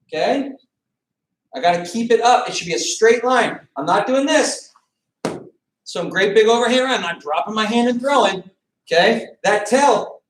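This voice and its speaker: Man coaching a boxing class in an echoey room. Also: sits high. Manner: coaching, calls out counts and commands. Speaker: martial arts instructor. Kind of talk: teaching a beginner boxing class. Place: training room, teaching over a video call. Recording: echoey room, distant mic.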